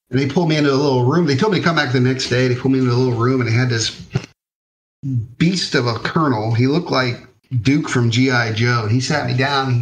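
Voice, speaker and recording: On a low-quality recording, an American army veteran with a medium-pitched voice tells war stories for a podcast interview. His delivery is casual, laid-back and profane, full of fillers.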